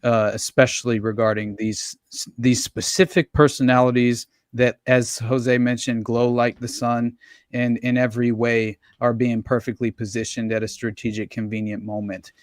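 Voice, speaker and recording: A man's voice: medium pitch, little pitch movement, normal speed, no echo, clean studio sound. A man co-hosting a podcast, rambling and swearing freely in casual chat, laughing often. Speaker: podcast co-host.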